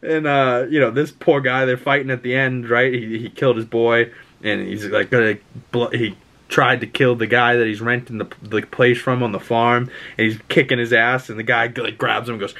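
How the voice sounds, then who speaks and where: A man giving a casual vlog movie review, rambling and excitable, swearing freely and packing his talk with fillers. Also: mid-range voice, moderate pace.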